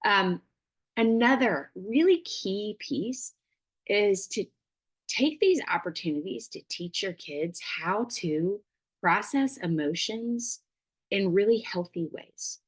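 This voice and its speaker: A woman's voice: medium pitch, expressive, takes it slowly. A woman giving a casual parenting workshop, chatty and full of fillers, acting out little dialogues.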